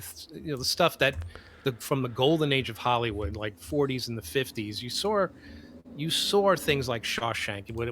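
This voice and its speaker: A man co-hosts a film podcast on a live stream, talking in a relaxed, measured way. His tone is bright and forceful. A faint noise sits under the recording. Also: medium pitch. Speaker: podcast co-host. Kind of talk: casual live-stream chat about films.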